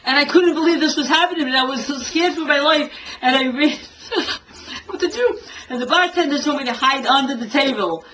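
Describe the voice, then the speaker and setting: Bright-voiced older woman telling a story. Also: high-pitched, brisk, few pauses, a little hiss or hum, poor audio. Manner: lively storyteller who acts out quotes and laughs often. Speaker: singer and tribute artist to a famous singer.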